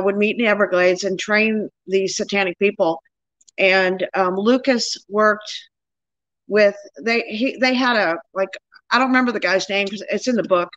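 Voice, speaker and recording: A woman's voice: medium pitch, a bit bright, no echo, muffled recording. A woman guest, an author and crime investigator, talking earnestly and insistently in a casual interview.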